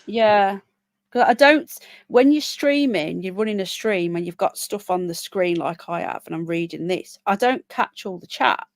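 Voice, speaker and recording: A woman's voice: medium pitch, normal speed, no echo. A British woman hosting a casual live stream, chatting at length and reading figures aloud with plenty of fillers. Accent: British English. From Britain. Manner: chatty, rambling, reads results aloud with many fillers. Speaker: livestream host.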